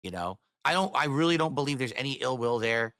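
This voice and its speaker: A man's voice: medium pitch, expressive, a little fast, fairly bright tone, no room sound, clean studio sound. A man live-streaming a heated rant to his chat, swearing and firing off rhetorical questions.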